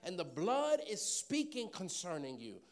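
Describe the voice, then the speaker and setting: A man's voice: high voice, wildly swooping pitch, measured pace, darkish tone. A man preaching a sermon, joking with the congregation and repeating phrases for emphasis. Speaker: pastor.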